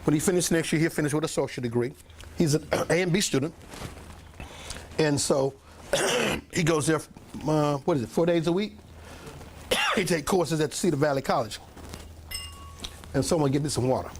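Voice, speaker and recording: An older man, a pastor telling a rambling, animated story in a sermon to his congregation, often clearing his throat and coughing. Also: a little high, normal speed, long pauses, a little hiss or hum. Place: church meeting room with a congregation.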